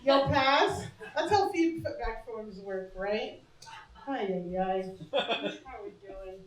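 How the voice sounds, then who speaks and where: A woman's voice: a little high, animated, takes it slowly. A young woman hosting a comedy show and doing a stand-up set, brash and self-mocking, swearing freely and laughing often. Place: small comedy bar stage. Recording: echoey club, mic heard from a distance.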